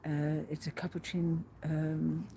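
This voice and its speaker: A woman's voice: deep voice, level tone, slow, vocal fry, mellow, slight background noise. A woman telling a personal diary vlog as a pilgrim, earnest and rambling, with many fillers and restarts. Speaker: pilgrim vlogger.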